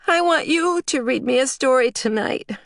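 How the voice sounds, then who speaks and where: A woman voicing a small tearful girl with a high squeaky voice, in an audiobook. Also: expressive, normal speed, vocal fry, dry recording. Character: little girl, tearful and pleading.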